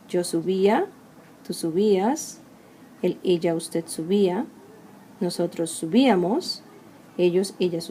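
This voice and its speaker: Female language teacher, mellow tone, measured drilling delivery, faint hiss behind. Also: medium pitch. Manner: slow, clear drilling of verb forms. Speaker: Spanish teacher. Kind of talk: recorded grammar lesson.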